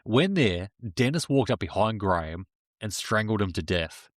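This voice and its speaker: A man with a somewhat low voice walks his co-host through a crime case in casual podcast chat. He tells it plainly and keeps it moving. The sound is dry and close, with no room echo. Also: animated, moderate pace. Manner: storytelling, recounting the case plainly.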